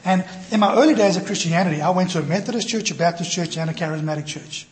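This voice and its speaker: A male pastor preaching a sermon, telling a personal story in an animated, self-deprecating way and acting out the voices in it. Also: high voice, fast. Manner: animated, self-deprecating, acts out quoted dialogue. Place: church.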